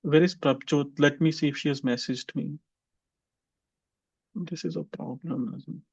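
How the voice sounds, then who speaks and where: Brief: male English teacher on a video call, higher voice, quizzes students one by one, dull audio. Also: measured pace, creaky, slightly rough. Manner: questions students by name, drills repetition. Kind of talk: online class teaching.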